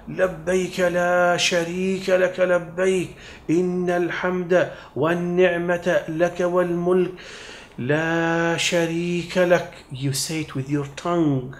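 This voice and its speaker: A male preacher delivering a teaching sermon with a fairly high-pitched voice. He is emphatic, rising to loud declarations and dropping to hushed intensity. He poses rhetorical questions and answers them himself, and the room around him rings with echo. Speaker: Islamic preacher. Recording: echoey room.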